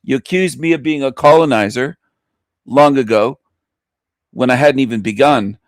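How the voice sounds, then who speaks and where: A man hosting an internet talk show delivers a boastful, taunting monologue rant, laughing at his own lines. His voice sits at medium pitch and moderate pace, captured in clean studio sound with no room sound.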